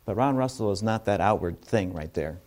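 A man's voice: lowish voice, lively intonation, fairly quick, darkish tone. Casual man teaching a Bible lesson. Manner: conversational, with frequent restarts and asides to the congregation. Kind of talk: informal sermon.

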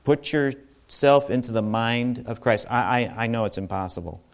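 A man's voice: mid-range voice, steady tone, normal speed. A man giving an informal sermon to a congregation, talking conversationally with asides and restarts. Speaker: bible teacher.

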